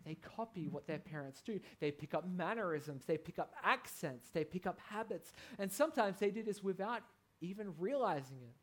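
A man in his thirties preaching a sermon, earnest and conversational, with many fillers and emphatic peaks. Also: high voice.

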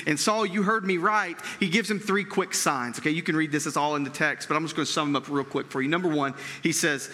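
Delivering a sermon in a big-sounding room, a male pastor speaks in a high, bright, forceful voice. His style is conversational: he keeps checking in with the audience and repeats words while gathering his thoughts.

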